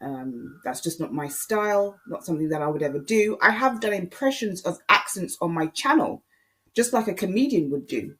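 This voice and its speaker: A YouTube commentator delivering a casual solo monologue. The voice sits at a middle pitch and the tone is opinionated, addressing viewers and other creators directly. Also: animated, moderate pace, fairly bright tone.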